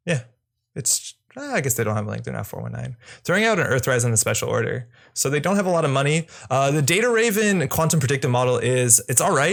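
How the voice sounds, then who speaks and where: A man's voice: mid-range voice, gravelly, fairly bright tone. A young man hosting his channel, casually thinking aloud as he plays an online card game, often correcting himself, speaking into a desk microphone at home. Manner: casual, musing, self-correcting. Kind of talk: thinking-aloud gameplay commentary.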